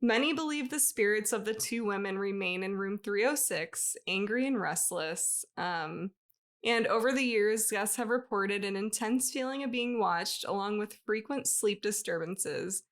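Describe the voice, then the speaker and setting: A woman's voice: mid-range voice, measured pace. Woman, podcast co-host, casual chat, ghost story, giggly, chatty. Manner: giggly, breaks into laughter often, loose and chatty.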